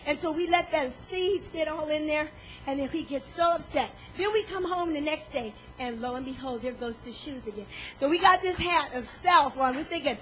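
A woman preaching a sermon, animated, acting out inner voices and swinging between loud and soft. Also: high-pitched, normal speed, a little hiss or hum, poor audio.

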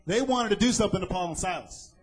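Man, preacher, sermon, high voice, breathy, dramatic, rhetorical questions. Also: lively intonation, fast, soft background music, low-quality recording.

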